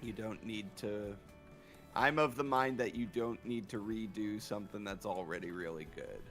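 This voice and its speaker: A man's voice: lowish voice, moderate pace, a bit bright, soft background music. A man co-hosting a drawing livestream, chatting casually in a laid-back way and reading viewer questions aloud. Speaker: co-host of an art stream.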